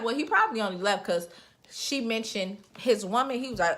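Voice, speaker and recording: A young woman casually recapping a reality show episode, animated and slangy, acting out quotes as she tells the story. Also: fairly high pitch, brisk, background noise. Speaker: reality TV reviewer.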